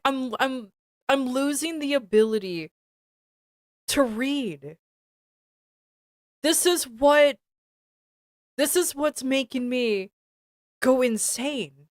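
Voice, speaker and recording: A woman's voice: high voice, no room sound, studio quality. A woman streamer reading a fan fiction aloud with commentary, stumbling over words and sounding exasperated.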